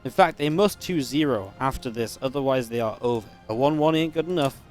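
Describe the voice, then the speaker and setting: A man giving live play-by-play commentary on a strategy game match, chatty and upbeat with quick reactions. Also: mid-range voice, darkish tone, soft background music. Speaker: esports caster.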